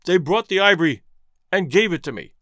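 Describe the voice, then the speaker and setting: A calm, impassive station clerk, as a male storyteller puts him on. He speaks evenly and with weight, his pitch rising and falling freely, and the recording is close and dry. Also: fairly quick, no room sound. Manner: pleads, then speaks evenly and impressively.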